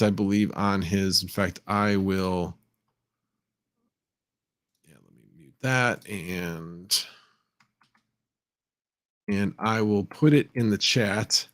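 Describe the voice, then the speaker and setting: A man with a fairly low voice hosts a relaxed livestream and talks through his thoughts as they come. He often breaks off mid-point to read viewer messages aloud. His delivery is unscripted and easygoing. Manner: rambling, reads chat aloud, thinks out loud. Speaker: livestream host. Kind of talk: casual livestream chat.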